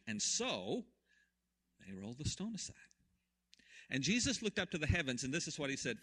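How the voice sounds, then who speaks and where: A man preaching a sermon, retelling a story with swings from hushed to loud. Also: on the high side, very animated, moderate pace, pauses often, slightly rough. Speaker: pastor.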